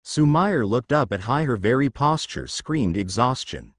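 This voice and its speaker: A man's voice: medium pitch, a little slow, no echo, clean studio sound. A man narrating a fan fiction story as an audiobook, reading every character's lines in the same voice. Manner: reads all characters' dialogue in the same even voice.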